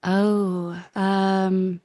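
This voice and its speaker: A woman's voice: mid-range voice, flat delivery, drawn-out words, dark tone, a little hiss or hum. A woman who runs a bookstore, chatting on a podcast as a guest and laughing often. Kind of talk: casual podcast chat.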